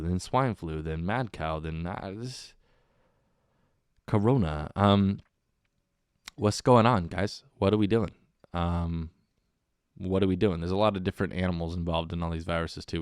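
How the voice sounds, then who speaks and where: A man's voice: sits low, clear, resonant tone, no room sound, studio quality. A man hosting a casual solo comedy podcast, rambling and meandering, with lots of "dude" and "man.". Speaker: podcast host.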